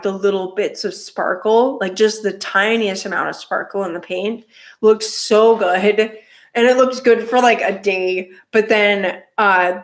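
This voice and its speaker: Woman rambling thru a bike story, like every other word, mid pitch. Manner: rambling, many "like" fillers and restarts. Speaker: motorcycle builder telling a story. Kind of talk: casual storytelling.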